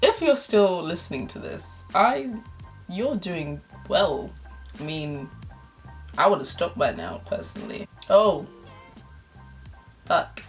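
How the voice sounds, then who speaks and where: A woman's voice: on the low side, very animated, slow, long pauses, faint music behind. A young adult woman vlogger reads her old fan fiction aloud, laughing and adding embarrassed, self-mocking asides.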